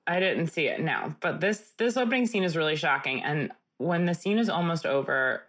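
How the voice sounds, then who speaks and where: A young woman talks casually as a podcast co-host, full of swearing. Her voice sits fairly low but leaps up high and lively when she mimics others. She tells the story in an animated, off-hand way. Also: moderate pace. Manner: animated, profane, jumps up in pitch for quoted voices.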